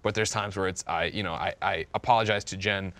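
A man's voice: deep voice, fairly even intonation, fairly quick, fairly bright tone, no echo. A man in his thirties talking candidly and rambling in a casual podcast conversation, full of restarts. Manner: rambling, candid, self-deprecating with many restarts. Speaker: podcast guest.

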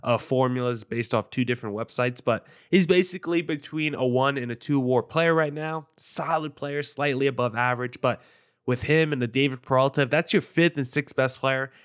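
A man's voice: mid-range voice, normal speed, clear, resonant tone. A man hosting his own show, giving a casual, opinionated baseball analysis in a conversational monologue. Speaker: sports show host.

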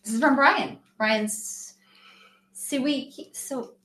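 A woman's voice: medium pitch, animated, moderate pace, sharp tone, echoey room. A woman co-hosting a show, chatty and teasing, often giggling in casual conversation. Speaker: co-host. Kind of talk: casual chat.

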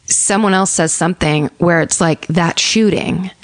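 A woman's voice: a little slow, dry recording. A woman co-hosting a podcast, telling a crime story in casual, swearing chat and acting out the quotes. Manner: animated, swearing, acts out quotes in a higher voice. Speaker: podcast co-host.

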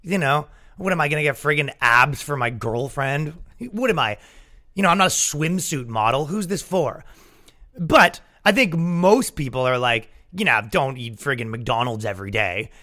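A man's voice: on the high side, animated, normal speed, bright, forceful tone. A man hosting a podcast, ranting in casual chat with profane jokes and laughing asides. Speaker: podcast host.

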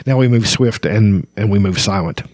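A man's voice: on the low side, normal speed, darkish tone, no room sound, clean studio sound, lightly acted. A man reading aloud and voicing a stern blacksmith who gives commands. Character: stern one-armed male blacksmith rescuer.

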